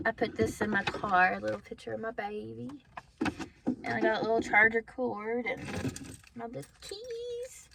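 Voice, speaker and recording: A woman talking casually and with deep feeling in a personal vlog from her car, at times close to tears and worn down by a headache. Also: creaky, background noise. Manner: emotional, heartfelt, tearful at times. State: has a migraine. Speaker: vlogger.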